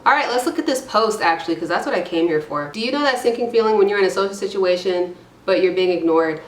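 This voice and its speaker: A woman's voice: medium pitch, expressive, fast, roomy sound. A woman giving casual, irreverent commentary while reading forum posts aloud, with rambling, self-deprecating asides. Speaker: YouTube commentator.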